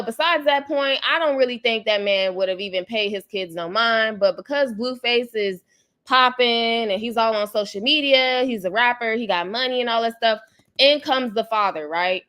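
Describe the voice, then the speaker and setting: On her channel's livestream, a YouTube host chats about celebrity gossip, rambling and saying hello to people in the chat. She has a slightly high, bright voice with a forceful tone.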